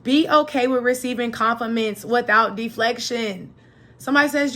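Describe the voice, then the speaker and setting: A young adult woman hosting a solo motivational podcast in a chatty, animated manner. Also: fairly high pitch, a little slow. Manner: lively, chatty, animated, acts out quoted voices. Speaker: podcast host.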